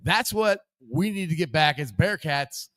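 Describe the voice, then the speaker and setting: Male host, high, swooping voice, dry sound; quick to laugh. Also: dry recording. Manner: laughs easily, excitable. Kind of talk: casual chat. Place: bar, live show.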